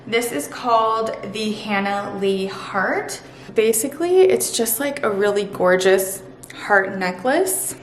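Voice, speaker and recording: A woman's voice: medium pitch, expressive, slow pace. A woman vlogger talking casually and gushing about things she loves, chatty and upbeat. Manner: gushing, chatty, lots of "super" and "literally". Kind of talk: casual sponsored vlog talk. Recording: echoey room.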